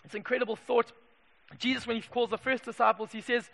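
A man from Zimbabwe preaching a passionate sermon in a church, moving from hushed asides to loud calls. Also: very high voice, fairly even intonation, fast talker, vocal fry. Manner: passionate, swings from hushed to shouting. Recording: echoey hall reverb.

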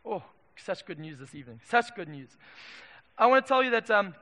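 Male pastor, high and bright, emphatic and punchy, booming hall reverb. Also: big pitch swings, brisk. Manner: emphatic, swings from loud declarations to quiet asides. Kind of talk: sermon. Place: church.

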